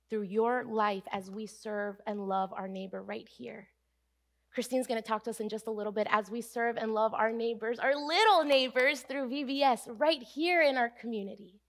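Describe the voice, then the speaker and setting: A woman pastor preaching a sermon in an earnest, emphatic way, slowing down to stress key phrases. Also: on the high side. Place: church sanctuary.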